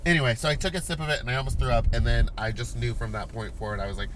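A man's voice: medium pitch, steady tone, rapid-fire. A man in casual chat who tells stories in a dramatic, complaining, campy way while feeling queasy in a car. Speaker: vlog co-host, drag performer. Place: inside a car in a parking garage. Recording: noisy car interior.

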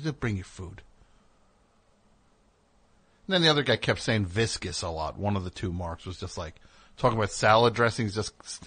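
A man's voice: fairly low pitch, fairly bright tone, slightly rough. A man hosting a comedic talk show, riffing in a rambling, sarcastic way with plenty of fillers. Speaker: host.

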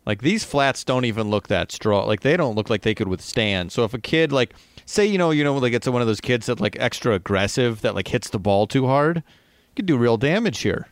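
A man's voice: mid-range voice, lively intonation, fairly quick, no echo. A man co-hosting a casual comedy podcast over a video call, hesitant and wry, often restarting his sentences. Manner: hesitant, wry, self-interrupting. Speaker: podcast co-host.

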